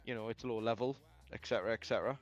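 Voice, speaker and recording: A man streaming a game, telling a story in casual chat, animated, laughing often and swearing a lot into a headset mic. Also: medium pitch, very fast, lo-fi sound, faint music behind.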